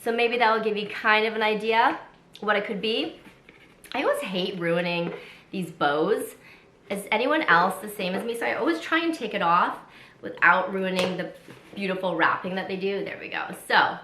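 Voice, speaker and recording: A woman with a stuffy cold talks through an unboxing, her voice raspy and congested. She stays chatty and excited, with a bright, forward tone. The room around her rings with echo. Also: mid-range voice, normal speed, a little hiss or hum. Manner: chatty and excited, many fillers. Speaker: vlogger. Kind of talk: casual unboxing chat. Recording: echoey room.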